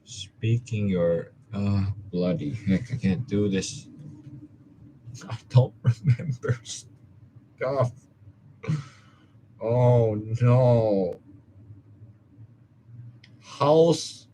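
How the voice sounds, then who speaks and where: A man's voice: lowish voice, extremely slow, pauses often, mellow, a little hiss or hum. A young man from Hong Kong, a student vlogger, muttering and joking to himself as he studies. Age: young adult. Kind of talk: study-with-me self-talk.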